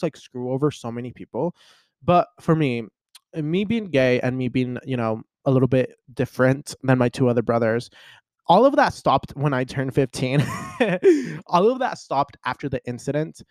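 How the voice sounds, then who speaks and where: A young man vlogging in a casual chat to camera, telling stories in a chatty, animated way with lots of fillers. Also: mid-range voice, normal speed, dry recording, studio quality. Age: young adult.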